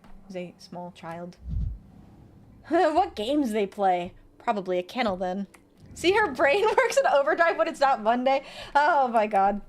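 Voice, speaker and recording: A woman's voice: a little high, big pitch swings, a little slow. A woman streamer chatting playfully through a video game, reading its text aloud and reacting to it. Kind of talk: casual gameplay commentary.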